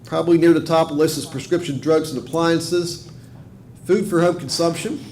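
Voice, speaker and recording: Middle-aged virginia guy explaining tax stuff to a committee, bit high voice, lots of uhs. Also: fairly even intonation, darkish tone, a little hiss or hum. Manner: measured, explanatory, frequent fillers and restarts. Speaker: tax official testifying to a committee. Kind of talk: formal committee testimony.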